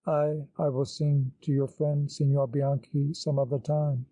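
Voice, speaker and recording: A man's voice: a little high, level tone, a little slow, warm tone, no room sound, rough recording. A man voicing a dazed young woman singer who speaks with hesitancy and stammers, in an audiobook.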